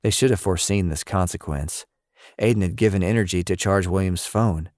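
Deep voiced guy reading a story, steady and measured, dry sound. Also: no echo. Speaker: narrator. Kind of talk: scripted narration.

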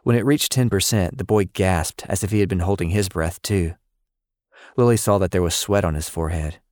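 A man reading a story aloud in scripted narration, with a steady, measured delivery. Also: low voice, no echo, studio quality.

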